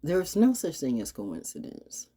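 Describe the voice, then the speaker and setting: A woman speaking in an unscripted vlog monologue, blunt and profane, swinging from loud challenges to low, muttered asides. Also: big pitch swings, a little slow, slightly rough. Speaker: astrology vlogger. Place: outdoors. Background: birds.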